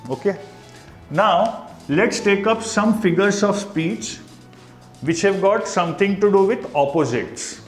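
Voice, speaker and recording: A man's voice: sits high, lively intonation, faint music behind. Indian man lecturing in an echoey room. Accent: Indian English. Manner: explains slowly with repetition, mixing in Hindi asides. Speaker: teacher. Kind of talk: classroom lecture.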